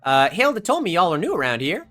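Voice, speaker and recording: A folksy middle-aged diner owner, voiced by a woman who drawls and calls everyone hon. Her voice is bright and ringing, swinging widely in pitch while sitting a little low. Soft music plays faintly underneath. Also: sing-song, quick pace. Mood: teasing.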